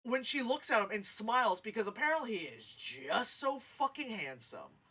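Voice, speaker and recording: A woman ranting about a movie in a casual review, sarcastic and animated, swearing often. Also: on the high side, moderate pace, a little hiss or hum.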